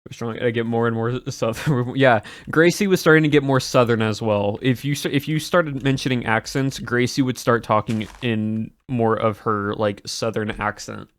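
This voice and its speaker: A man's voice: mid-range voice, normal speed, hardly any pauses. A man streaming and chatting casually to his viewers, rambling with many restarts and chuckles.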